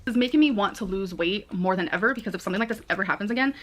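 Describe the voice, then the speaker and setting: A woman's voice: medium pitch, rapid-fire, slight background noise. A woman speaking earnestly in a rambling confessional vlog, full of "like" fillers. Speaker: vlogger.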